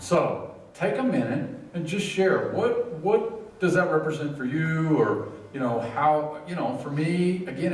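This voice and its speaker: A man leading a church study group, talking in a halting way with many fillers, and at times emotional. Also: mid-range voice. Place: church hall. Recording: echoey room, far from mic.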